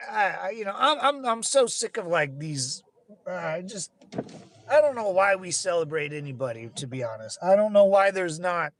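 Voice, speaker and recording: A man's voice: high voice, expressive, normal speed, fairly bright tone. A young man from California ranting casually, rambling with frequent restarts, fillers and swearing. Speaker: channel host. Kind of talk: casual rant.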